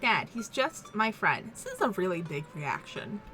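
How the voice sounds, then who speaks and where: A woman's voice: fairly high pitch, very animated, slow pace, fairly bright tone, faint music behind, full character voice. A woman voicing a moody teenage daughter who groans in exasperation while reading a dating-game story aloud. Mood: exasperated.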